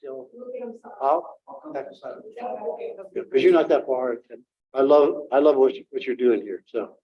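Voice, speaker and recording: An older man, a guest author, talking informally to an audience and taking questions, halting with many fillers and restarts. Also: mid-range voice, wildly swooping pitch, gravelly, slightly rough. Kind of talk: informal talk and Q&A. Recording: dull lo-fi room recording.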